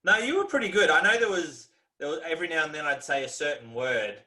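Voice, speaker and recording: Easygoing Australian man, bright voice, casual video-call chat. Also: fairly high pitch, expressive, fast talker. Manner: easygoing, rambling, laughs often. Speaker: guest.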